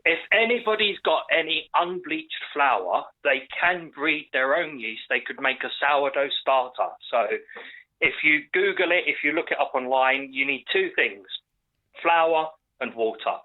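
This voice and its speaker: A man's voice: a little high, animated, a little slow. A man calling in to a live chat show, casually explaining things with lots of ums. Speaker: caller. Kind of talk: phone-in chat. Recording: tinny phone line.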